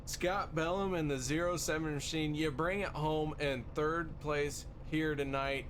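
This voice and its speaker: A man calls a post-race show in a slightly raised voice, upbeat and steady as he interviews drivers and reads out results. A faint hiss of noise sits under the recording. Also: fairly high pitch, unhurried. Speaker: race broadcaster.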